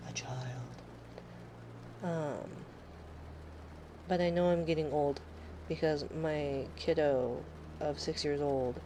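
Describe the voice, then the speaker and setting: Woman streamer, thirties, casual rambling chat, sarcastic, swears a lot, lowish voice, faint noise behind. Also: unhurried, pauses often, dark tone, low-quality recording.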